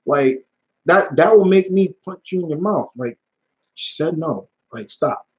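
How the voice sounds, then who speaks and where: A man's voice: on the high side, lively intonation, a little slow, husky. A young man hosting a live Q&A stream in casual talk, blunt and heated, swearing often and restarting his sentences. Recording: dull lo-fi stream audio.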